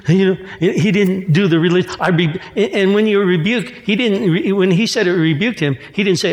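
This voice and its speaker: A man with a high voice preaches in a church, moving between quoted scripture and relaxed, joking asides. His words ring out with a long echo from the hall around him. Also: moderate pace. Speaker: pastor. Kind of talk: sermon.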